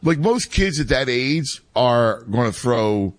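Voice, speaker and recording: A man's voice: mid-range voice, sing-song, slow, dry recording. A man in his forties in casual chat, talking in a rambling way with many restarts. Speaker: youth baseball coach and father, co-host.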